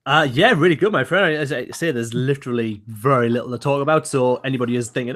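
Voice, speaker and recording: Quick, upbeat male co-host, rattles along with fillers. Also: mid-range voice, fairly bright tone. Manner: fast, upbeat, full of fillers like "uh" and "kind of". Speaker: podcast co-host. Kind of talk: casual podcast chat.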